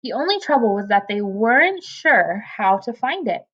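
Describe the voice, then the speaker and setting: A woman reading a children's chapter book aloud in an expressive way, with occasional slips and restarts. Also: on the high side, normal speed. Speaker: storybook reader. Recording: dull lo-fi recording.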